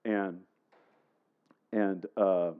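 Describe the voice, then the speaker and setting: A man's voice: low-pitched, little pitch movement, extremely slow, clear, resonant tone, phone-quality sound. A man preaching a sermon, telling a personal story in a conversational way and putting questions to the congregation. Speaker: pastor.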